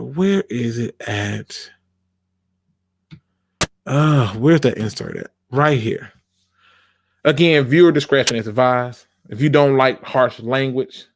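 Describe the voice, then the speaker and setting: Speaking in a mid-range voice with vocal fry, a man hosts a football fan channel. His casual commentary rant is emphatic and informal, and he repeats phrases for effect.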